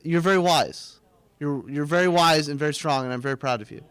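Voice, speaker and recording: A young man with a fairly high voice hosts a loose live show from a small studio. He jokes in a mock-pompous tone. The sound is dry and close. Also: a bit bright, clean tone, no room sound. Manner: joking, mock-pompous, quick asides. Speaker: host of a student TV segment. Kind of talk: casual live-stream banter.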